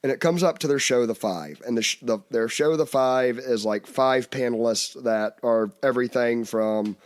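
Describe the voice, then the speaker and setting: A man's voice: mid-range voice, moderate pace. A man hosting a podcast in casual comedic chat, rambling and laughing often. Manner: rambling, laughs often, slips into mocking quoted voices. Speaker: podcast host.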